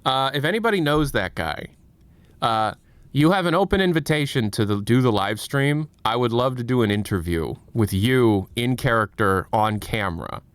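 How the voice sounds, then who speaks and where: A man's voice: mid-range voice, lively intonation, normal speed, clear, resonant tone, no echo. Rambling, self-mocking male streamer. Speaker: livestream host. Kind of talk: casual stream chat.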